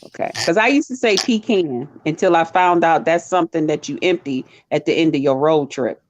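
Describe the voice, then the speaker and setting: A woman's voice: sits low, fairly quick, no echo. A woman from the North in a casual chat, playful and informal with lots of slang. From northern United States.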